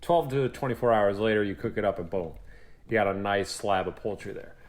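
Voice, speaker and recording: A man's voice: lowish voice, fairly quick. A young man co-hosting a podcast, chatting casually and acting out what people said, with some swearing. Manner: animated storyteller, acts out quotes, swears freely. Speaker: podcast co-host. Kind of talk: casual chat.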